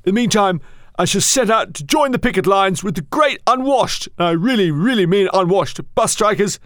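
A man puts on a snobbish older aristocrat lord in a radio comedy sketch, drawling every word with plummy haughtiness. The voice sits very high for a man and sounds close and dry. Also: expressive, moderate pace, a bit bright, no room sound.

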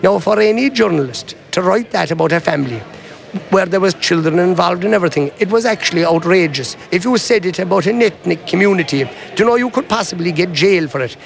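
A man's voice: high voice, lively intonation, fairly quick, creaky. A man with an Irish Kerry accent giving an indignant, emphatic election victory speech at a vote count centre. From Kerry, Ireland. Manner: indignant, emphatic, addressing a crowd. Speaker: politician.

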